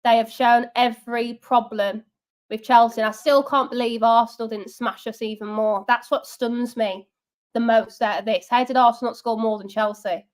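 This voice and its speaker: Young woman, high voice, sarcastic live-stream football fan host. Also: fairly even intonation, normal speed. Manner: sarcastic, chatty, reads out viewer comments. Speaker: fan channel watch-along host. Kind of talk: live match watch-along chat.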